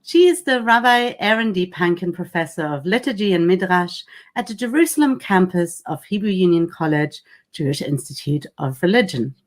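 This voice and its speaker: A woman's voice: lowish voice, lively intonation. Formal woman reading speaker introductions. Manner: measured and formal, reading bios. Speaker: rabbi, session chair introducing speakers.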